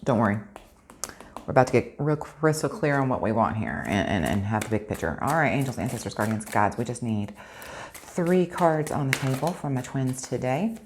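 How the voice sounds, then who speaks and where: A woman's voice: very deep voice, animated, normal speed, slight background noise. A woman giving a spiritual tarot reading, talking earnestly and a bit preachily straight to her viewers. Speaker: tarot reader.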